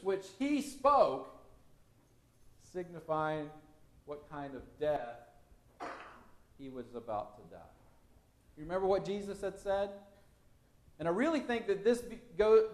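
A male pastor preaching with a high, very lively voice that rises and falls a great deal. He keeps putting questions to the congregation. The room gives his voice a noticeable echo. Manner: animated, questioning the listeners. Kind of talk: expository sermon.

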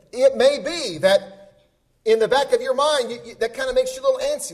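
A man's voice: very high voice, a little fast. A man preaching a sermon in an earnest, conversational way, often asking the listeners rhetorical questions.

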